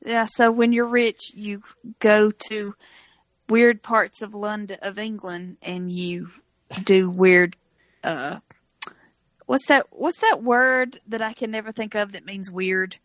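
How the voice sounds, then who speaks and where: A woman co-hosting a podcast, chiming in with wry, quick asides while recapping a show. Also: medium pitch, steady tone, no echo. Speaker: podcast co-host. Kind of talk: casual recap chat.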